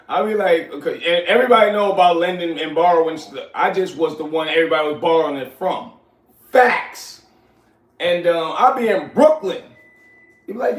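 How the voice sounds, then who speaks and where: A man, telling stories from his youth in casual, animated talk, often asking "you know what I'm saying". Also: on the high side, a little fast. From New York. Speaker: host. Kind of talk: casual storytelling. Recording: echoey room, far from mic.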